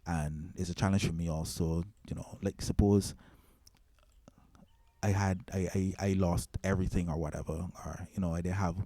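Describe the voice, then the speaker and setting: A man's voice: low-pitched, steady tone, normal speed, warm tone. A man hosting a casual mixing tutorial, rambling with restarts and filler words. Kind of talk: casual screen-recorded tutorial.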